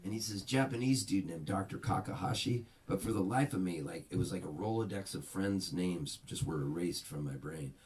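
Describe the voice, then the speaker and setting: A singer-songwriter at a house concert tells comic stories between songs to a small audience at a private party, animatedly acting out the people in his tales. His voice is low, at normal speed with hardly any pauses, recorded from a distance.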